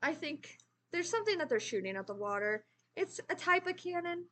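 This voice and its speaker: A woman's voice: very high-pitched, big pitch swings, brisk, fairly bright tone. An American woman chatting casually as she reviews a book, rambling and correcting herself as she goes. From United States. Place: at a desk with a computer.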